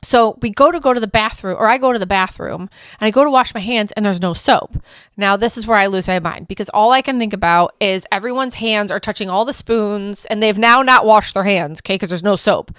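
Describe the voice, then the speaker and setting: A woman hosting a travel vlog, telling her trip story in a chatty, animated way, poking fun at herself and laughing often. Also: mid-range voice, brisk, clear, resonant tone, no echo, studio quality. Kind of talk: casual storytelling review.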